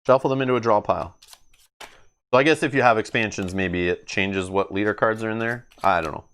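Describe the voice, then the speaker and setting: A man's voice: lowish voice, brisk, a bit bright, smooth. A man streaming a solo card game playthrough, thinking aloud as he reads cards, laughing often. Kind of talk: casual solo playthrough commentary. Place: home gaming table.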